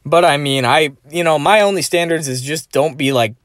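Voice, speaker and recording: A man's voice: on the high side, moderate pace, a bit bright, no echo, clean studio sound. A man vlogging in a rambling, crude and profane way, padding his talk with filler phrases. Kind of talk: rambling personal monologue.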